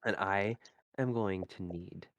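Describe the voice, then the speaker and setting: A man narrating a tabletop game as game master on a live stream, halting and searching for words as he describes the scene. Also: sits low, no room sound.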